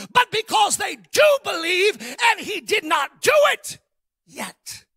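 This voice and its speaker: Male guest preacher; bright, forceful tone, dry sound; shouts and fast asides. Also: extremely high pitch, dry recording. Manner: emphatic storytelling, bursts of shouting and rapid asides. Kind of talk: sermon.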